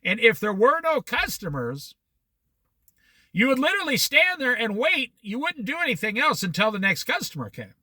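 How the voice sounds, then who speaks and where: A man's voice: extremely high pitch, sing-song, moderate pace, sharp tone, no room sound. A middle-aged American man telling rambling personal stories in a casual monologue. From United States. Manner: rambling, anecdotal, with restarts and quoted dialogue.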